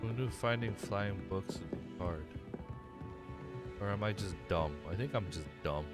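A man's voice: fairly low pitch, unhurried, over loud music. A man doing let's-play commentary, rambling and self-deprecating as he chats to himself while playing. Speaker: gamer.

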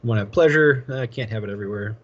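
A man's voice: fairly low pitch, quick pace, muffled recording, slight background noise. A man teaching a college class in a casual, rambling lecture, chuckling often and telling anecdotes. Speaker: college instructor.

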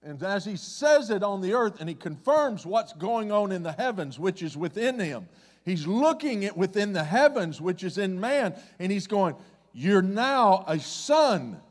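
A man preaching a conversational sermon as pastor, swinging between loud excitement and hushed, low asides. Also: moderate pace. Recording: long hall reverb.

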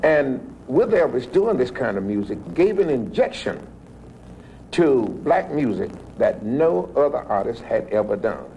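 A man, a guest, giving animated praise of a singer. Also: mid-range voice, measured pace, vocal fry, a little hiss or hum, rough recording.

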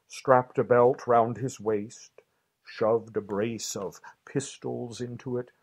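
Guy reading a bedtime story out loud, husky voice, gentle and expressive. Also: on the low side, low-quality recording. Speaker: reader.

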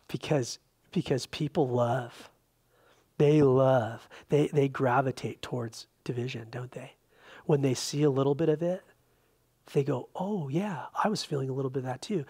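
A man pastor preaching a conversational Bible-study sermon, animated, with frequent restarts and filler words. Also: medium pitch, breathy edge. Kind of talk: expository sermon. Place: church sanctuary.

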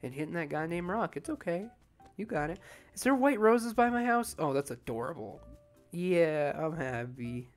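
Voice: mid-range voice, very animated, normal speed, soft background music. A let's-play commentator chatting casually at home over gameplay, drowsy and rambling with frequent swearing. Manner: sleepy, profane, rambling.

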